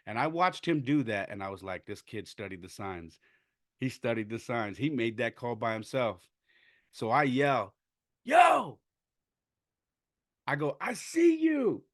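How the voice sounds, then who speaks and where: A man hosting a podcast, telling a story about coaching baseball in a casual, animated way and acting out what people said. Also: on the low side, no room sound, studio quality. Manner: animated, acts out quotes with shouts.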